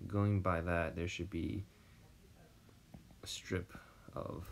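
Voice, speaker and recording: Drawing on stream, an American man muses aloud slowly, with long pauses and vocal fry in his deep voice. His intonation is lively, though he mumbles, fades into near-whispers and jokes at his own expense. Slight background noise is audible.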